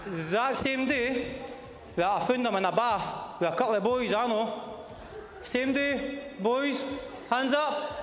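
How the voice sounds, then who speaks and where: A young Scottish best man with a high voice, teasing and joking through his speech and mimicking voices in his stories. He is heard in an echoey hall with a long reverb. A crowd is clearly heard around him. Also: measured pace.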